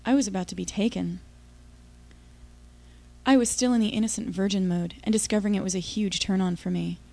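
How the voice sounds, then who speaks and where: A woman's voice: mid-range voice, fairly even intonation, a little fast, vocal fry, dark tone. A woman giving an intimate, confiding first-person audiobook narration.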